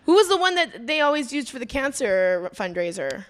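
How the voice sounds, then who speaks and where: Lively woman, teasing banter. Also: fairly high pitch. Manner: quick to laugh, teasing interjections. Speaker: podcast co-host. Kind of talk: casual banter.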